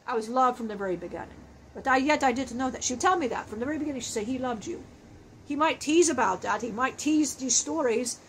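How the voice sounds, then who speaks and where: A woman channeling a grown male spirit, earnest and emotional, telling his story in halting bursts with many restarts. The voice sits a little high. A faint hiss of noise runs underneath. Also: natural voice, low-quality recording.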